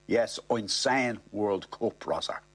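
A gruff young lad with a flat, blunt delivery, put on by a husky male reader. His voice sounds set apart from the narrator's, lower and more offhand. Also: takes it slowly. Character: blunt young Dublin lad, eldest son.

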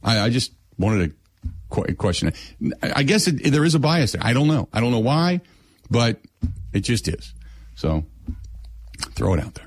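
A man's voice: medium pitch, moderate pace, pauses often, dry recording. A middle-aged man, hosting a casual chat and acting out his own stories. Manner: animated storyteller, acts out his own lines. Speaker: radio show host.

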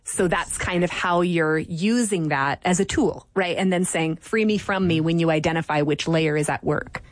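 A woman with a fairly low voice hosts an interview. She asks follow-up questions and sums up her guest's points. The recording is dry and close. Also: normal speed, dry recording. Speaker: host. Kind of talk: conversational interview.

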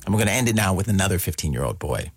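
A man's voice: deep voice, sing-song, very fast, slightly rough, faint music behind. A man hosting a radio show, giving a plain, conversational scripted introduction.

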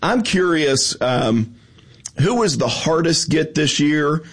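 A man with a slightly husky voice hosts a relaxed conversation. He asks thoughtful, probing questions at an easy pace. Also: fairly high pitch, slow. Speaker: podcast host. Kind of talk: casual chat.

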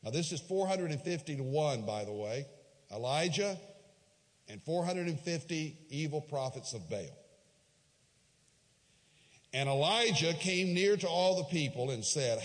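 A man with a slightly high voice preaches a sermon, telling a Bible story with rising emphatic peaks and dropping into quiet, low asides. His voice carries a long reverb, as if it fills a large church sanctuary. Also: lively intonation, moderate pace. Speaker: pastor.

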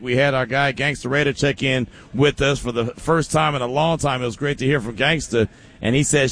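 Animated, joking sports radio host man. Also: medium pitch. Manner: animated, joking, breaks into laughter. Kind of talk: casual sports talk.

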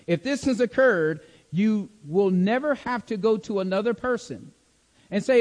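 A man's voice: high voice, moderate pace, darkish tone. A man teaching a Bible study class, checking in often with his listeners and repeating key words for emphasis. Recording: long hall reverb.

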